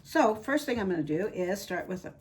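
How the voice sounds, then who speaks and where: A woman's voice: mid-range voice, expressive, a little fast. A woman chatting casually while painting reborn dolls at her home craft table, rambling and fond. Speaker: reborn doll artist and channel host.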